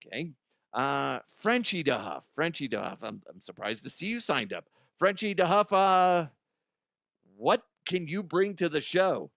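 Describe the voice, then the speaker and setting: A man's voice: a little high, big pitch swings, unhurried, fairly bright tone, no echo, studio quality. A man hosting a comedy podcast, rambling loosely and laughing between bits. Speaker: podcast host. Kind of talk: casual comedy monologue.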